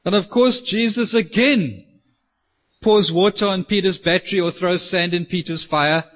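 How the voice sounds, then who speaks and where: A man preaching a sermon, telling a Bible story with lively acted-out quotes. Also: high voice, moderate pace, highs cut off. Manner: animated storytelling, acts out quoted voices.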